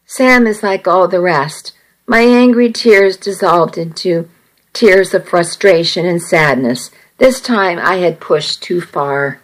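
A woman reading a first-person story aloud, slowly, evenly and carefully. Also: fairly low pitch, rough recording. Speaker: narrator.

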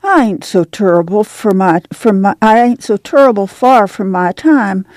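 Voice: mid-range voice, moderate pace, a little mellow, dry recording, voice pushed up, lightly acted. Sulky young pregnant woman, read aloud. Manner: whiny rural dialect.

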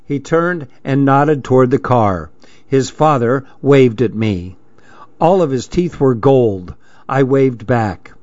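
A man reading a story aloud in steady, plain narration. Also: medium pitch, slow pace, no echo. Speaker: audiobook narrator. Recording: dry, dull lo-fi recording.

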